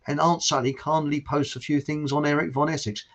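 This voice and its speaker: Over dull, lo-fi stream audio, a man hosts a live show in a fairly high voice with a level tone, talking a little fast. He chats casually, reads out viewer comments, and rambles with chuckles and loose restarts.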